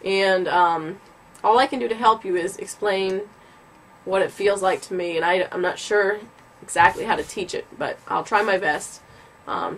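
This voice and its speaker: A woman with the tail end of a cold giving a casual yodeling lesson, explaining slowly and patiently with many ums. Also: mid-range voice, a little hiss or hum. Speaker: yodeling teacher.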